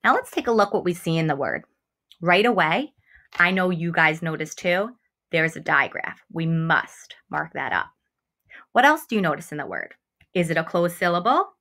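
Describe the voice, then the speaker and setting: Bright-voiced woman teaching first graders. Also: lowish voice, very animated. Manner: slow, exaggerated enunciation of example words; encouraging, talks directly to young students. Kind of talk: remote phonics lesson for children.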